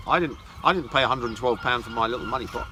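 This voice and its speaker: A man's voice: mid-range voice, expressive, fast, noisy background. A man giving a mocking lecture, reading articles aloud with scornful, sarcastic asides. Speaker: esoteric teacher.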